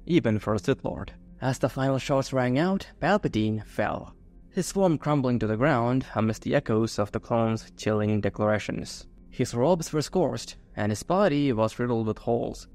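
A man's voice: mid-range voice, a little mellow. A man narrating a science-fiction fan-fiction story in a scripted, dramatic storytelling manner. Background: faint music.

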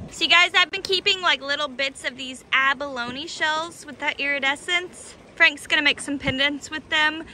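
A woman with a very high voice and an unhurried, drawn-out delivery gushes to her viewers while filming outdoors. She is on a rocky ocean beach, and clear surf noise runs behind her on the camera mic. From United States. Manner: gushing, talks to viewers as "you guys". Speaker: vlogger and rockhound. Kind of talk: casual vlog talk to viewers.

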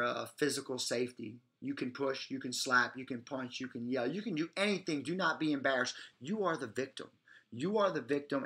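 Bright-voiced male self-defense instructor. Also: mid-range voice, creaky. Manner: emphatic, often checks in with "all right?" and "guys". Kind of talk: instructional presentation.

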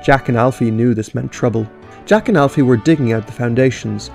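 A man's voice: mid-range voice, a little fast, creaky, darkish tone, soft background music. A man, a YouTube commentator who reads story outlines aloud and comments on them in a casual, frank way with mild swearing.

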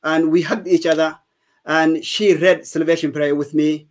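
A man's voice: fairly high pitch, fairly even intonation, moderate pace. A man, giving an earnest, emphatic personal testimony as an interview guest. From Somalia.

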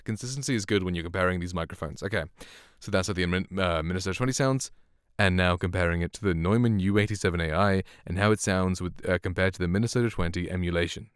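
A man's voice: fairly low pitch, smooth, no echo, clean studio sound. A man hosting a casual microphone demo, rambling and self-deprecating with frequent chuckles. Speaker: host reviewing microphones. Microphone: studio condenser microphone.

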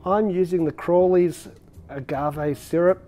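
A man's voice: sits high, steady tone, a little slow, mellow, soft background music. A man hosting a cocktail demonstration as a bartender, talking in a chatty, upbeat way with frequent filler words. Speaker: bartender and show host.

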